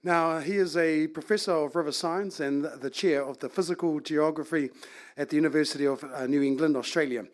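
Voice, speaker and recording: A man chairing a conference session, introducing the next speaker in a halting way with many fillers and some Māori phrases. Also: fairly high pitch, steady tone. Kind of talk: formal introduction.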